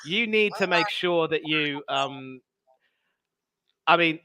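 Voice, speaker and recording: A man co-hosting a live football watch-along, giving measured, critical analysis in a dry tone. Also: a little high, bright, forceful tone, clear, resonant tone, no room sound. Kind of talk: casual live football reaction.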